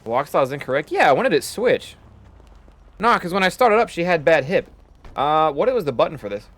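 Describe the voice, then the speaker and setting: A man's voice: on the high side, very animated, fairly quick, fairly bright tone. A man streaming a game, casually thinking aloud and muttering to himself as he plays.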